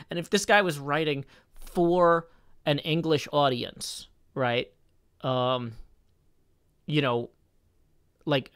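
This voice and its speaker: Slow, deliberate male streamer. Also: mid-range voice, fairly bright tone. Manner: slow, deliberate, stress-focused reading with hesitant fillers. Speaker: live streamer. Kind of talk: casual live-stream chat and poetry reading.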